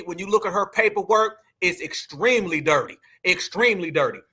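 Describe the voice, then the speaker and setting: A man runs a heated political commentary show, hammering his points and repeating them to his viewers. His voice sits very high for a man. It has a piercing, bright edge. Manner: emphatic, repeats points, keeps addressing the audience as fam and y'all. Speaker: commentary channel host.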